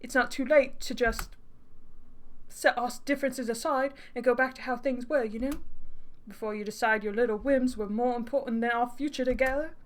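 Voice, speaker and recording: Woman playing a arrogant jealous ex in a game, bad fake British accent, condescending, mocking, voice on the higher side. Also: steady tone, moderate pace, lightly acted. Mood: smug. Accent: put-on British. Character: smug arrogant young man, jealous ex-lover. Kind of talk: reading game dialogue aloud.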